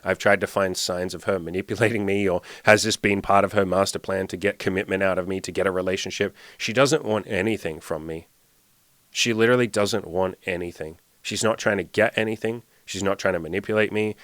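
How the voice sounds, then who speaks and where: Blunt low-voiced male podcast coach. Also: a bit bright, no echo. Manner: blunt, swears often, repeats himself when emphatic. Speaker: dating and self-improvement coach, podcast host. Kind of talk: candid solo podcast monologue.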